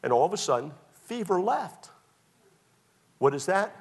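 Gravelly, animated preacher man. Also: sits high, unhurried. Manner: animated storytelling, swings from loud to hushed. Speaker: pastor. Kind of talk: sermon with personal stories.

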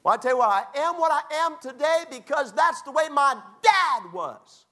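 Preacher mimicking a whiny man, high complaining drawl, pitched well above his own voice, blaming his upbringing. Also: animated, normal speed, bright, forceful tone, exaggerated voice. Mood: whining.

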